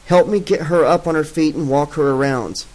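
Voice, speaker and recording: A man's voice: a little high, normal speed, darkish tone, close to an everyday voice, low-quality recording. A man voicing an urgent young woman who keeps pressing and pleading.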